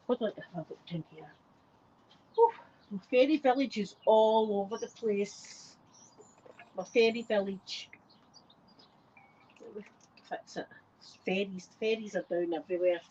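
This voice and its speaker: An older Scottish woman chats and tells stories in a cheeky, chatty way, catching her breath between phrases. Her voice sits at an ordinary pitch for a woman. The recording sounds a little dull and lo-fi. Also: a little slow, long pauses, warm tone, slight background noise. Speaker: channel host. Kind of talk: casual chat.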